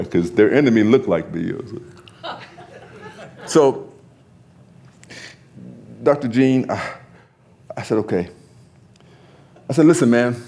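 A pastor telling a story in conversation, animated, often laughing and repeating his words. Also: medium pitch.

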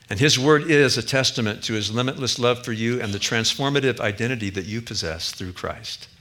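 A man preaching a sermon as a pastor, earnest, rising to emphatic peaks and dropping quiet again. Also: on the low side.

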